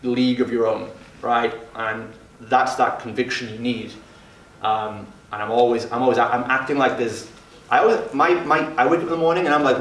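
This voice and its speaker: A fitness business mentor runs a mastermind group for gym owners, speaking brashly and with plenty of profanity. His voice is medium-pitched and slightly bright, at a normal speed. The sound is roomy, picked up by a distant mic.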